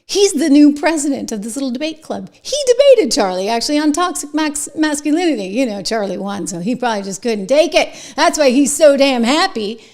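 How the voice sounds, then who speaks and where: A middle-aged woman hosting a political commentary show, indignant, swinging from loud outbursts to hushed whispers. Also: sits high, very animated, brisk, few pauses.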